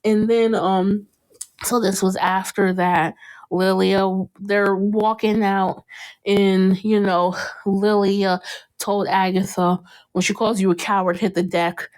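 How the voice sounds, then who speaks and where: A young woman hosting a casual podcast, recapping an episode and acting out what the characters said with sudden jumps in pitch and frequent laughter. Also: slow pace. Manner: animated, acts out quotes in a jumped-up pitch, laughs often. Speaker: podcast host.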